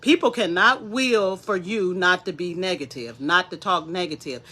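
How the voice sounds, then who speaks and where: A woman's voice: lowish voice, moderate pace, slightly rough. A woman, giving a casual motivational talk straight to her viewers. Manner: animated, preachy, speaks straight to viewers. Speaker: wellness vlogger.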